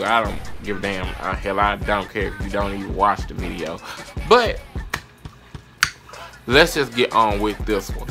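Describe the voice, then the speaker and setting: Brash, profane man with a Southern drawl. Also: on the low side. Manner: brash, profane, sassy and dramatic. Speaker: vlogger. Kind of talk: casual advice rant to camera.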